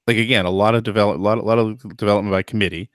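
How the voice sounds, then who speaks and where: Low-ish guy on a podcast, hedgy, lots of um and you know, dry close sound. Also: steady tone, racing, no echo. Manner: thoughtful, hedging, many fillers and restarts. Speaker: podcast host. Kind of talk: casual podcast chat.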